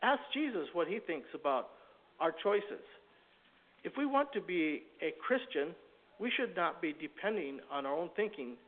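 A man preaching a sermon, reading a story from a book aloud in a halting, earnest way before speaking in his own words. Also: on the high side, very animated. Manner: halting, earnest reading with frequent self-corrections. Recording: tinny phone-like recording.

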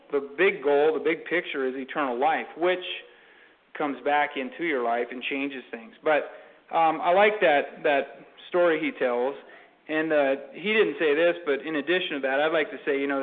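A man telling a parable in a casual sermon, rambling with many fillers and restarts. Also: on the high side. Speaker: Christian speaker. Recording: tinny phone-like sound.

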